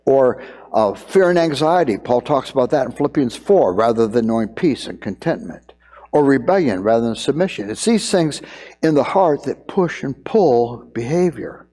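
A middle-aged man preaching as a pastor, earnest, sometimes acting out scenes in quick raised voices. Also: mid-range voice, expressive, warm tone, long reverb tail. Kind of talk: sermon on parenting.

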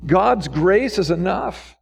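A man's voice: lively intonation, takes it slowly, gravelly. A pastor preaching a sermon with fervor, firing off rhetorical questions and lifting his voice when he urges his listeners on. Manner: fervent preaching with many rhetorical questions, pitch swinging up when exhorting.

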